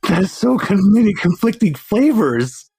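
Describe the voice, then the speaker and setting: A man running a tabletop game as game master, animated and laughing often. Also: high-pitched, unhurried, breathy edge.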